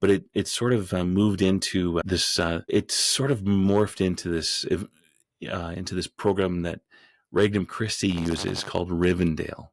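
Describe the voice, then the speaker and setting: A man who is a podcast guest, telling a story in a rambling way with frequent restarts and growing animated as he goes. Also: low-pitched, measured pace, no echo, clean studio sound. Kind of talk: storytelling in an interview.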